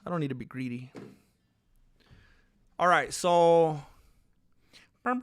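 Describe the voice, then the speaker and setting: High-voiced man rambling on a livestream. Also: takes it slowly, smooth, dry recording, clean studio sound. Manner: rambling, conversational, talks to chat. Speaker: livestream host. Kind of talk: casual livestream chat.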